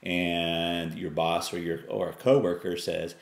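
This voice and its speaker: A man's voice: sits low, steady tone, unhurried, vocal fry, reverberant. A middle-aged man giving a casual motivational talk to camera, folksy and rambling, now and then acting out exasperated remarks. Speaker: online business vlogger.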